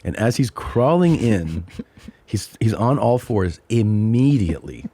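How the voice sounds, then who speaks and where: A man in his forties co-hosting a podcast, telling a story casually and acting out other people's lines in high, squeaky voices. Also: measured pace, no room sound. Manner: animated, acts out quotes in high voices. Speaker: podcast co-host.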